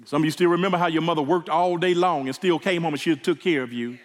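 High-voiced preacher in a reverberant hall. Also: male voice, fairly even intonation, fast talker. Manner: emotional, repeating words as he builds. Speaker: pastor. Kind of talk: sermon. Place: church sanctuary.

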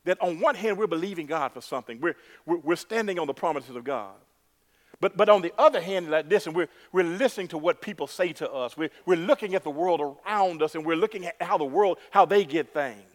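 A male pastor preaching a sermon, emphatic and repetitive, building to loud exclamations. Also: fairly high pitch, fairly quick.

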